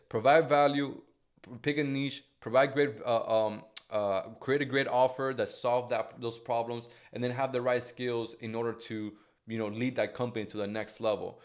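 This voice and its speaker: A man giving casual motivational business advice to camera, loose and profane, with lots of fillers like "right?" and "you get me?". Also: medium pitch. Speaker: online business coach.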